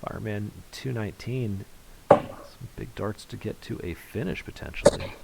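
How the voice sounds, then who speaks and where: A man's voice: on the low side, normal speed, gravelly, a little mellow, breathy edge, poor audio. A man commentating live on an online darts match, calling scores and reading out viewer chat in a conversational way. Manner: voice rises sharply on big finishes.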